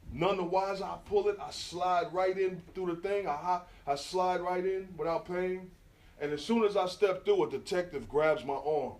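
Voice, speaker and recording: This middle-aged New Yorker is a graffiti artist giving a live storytelling talk indoors at an event venue, lively and full of slang as he addresses the crowd directly. His voice is slightly high for a man. An audience member's smartphone picked him up from a distance, giving a roomy, echoey sound.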